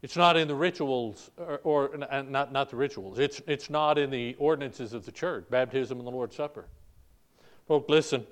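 A man's voice: medium pitch, moderate pace. An older man, a pastor preaching a sermon, calling out "folk, listen" and restarting phrases as he presses his points.

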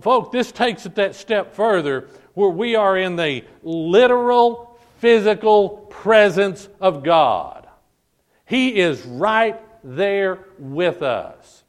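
A pastor with a fairly high voice delivers a sermon at a church service with fervent emphasis, repeating phrases and drawing out stressed words. He calls the congregation "folk" and presses each point home.

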